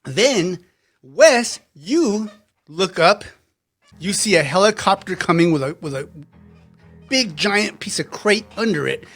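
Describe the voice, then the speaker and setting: A man narrating as game master of a tabletop game, animated and quick to laugh, acting out characters. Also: high-pitched, soft background music.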